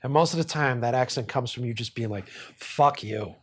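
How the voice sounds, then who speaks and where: A man's voice: mid-range voice, quick pace, crowd noise. A man hosting a podcast, telling a story in a casual, profane way and often laughing. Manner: animated, profane, laughs while telling stories. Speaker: podcast host.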